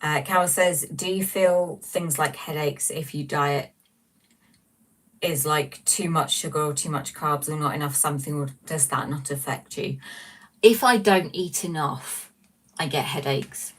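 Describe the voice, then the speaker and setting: A woman with a voice low for her gender hosts a relaxed livestream at a measured pace, reading viewer comments aloud. She's chatty and rambling, poking fun at herself, and sounds a bit distant from the mic in a small room.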